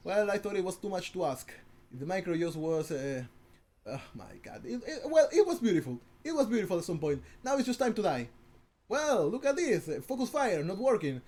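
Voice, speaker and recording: A man casting a strategy game with casual commentary, excitable and giggly, often stammering and restarting his sentences. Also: high-pitched, a little fast. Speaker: game caster.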